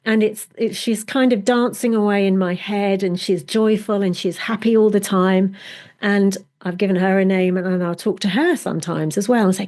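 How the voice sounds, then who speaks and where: A middle-aged woman coach appears as a podcast guest in a conversational interview, her mellow, medium-pitched voice moving at a normal speed. She tells stories with enthusiasm and acts out little inner voices.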